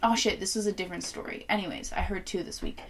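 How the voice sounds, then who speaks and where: A woman's voice: medium pitch, steady tone, quick pace, breathy edge. A woman co-hosting a casual chat, rambling with dry humor and casual swearing.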